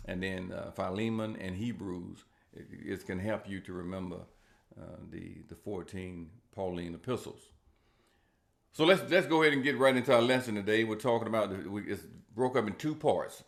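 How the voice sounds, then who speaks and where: A man teaching a church Bible lesson, often repeating and restarting words and growing louder when he reads scripture. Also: on the low side, gravelly. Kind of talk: Sunday school Bible lesson.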